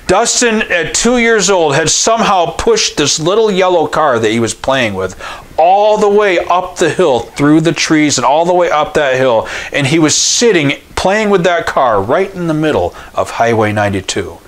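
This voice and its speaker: A man's voice: on the high side, expressive, normal speed. An American man preaching a sermon, telling a story and acting out the voices in it, calling out questions for the congregation to answer. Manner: storytelling preacher who acts out quoted voices and rises to near-shouts. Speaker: pastor.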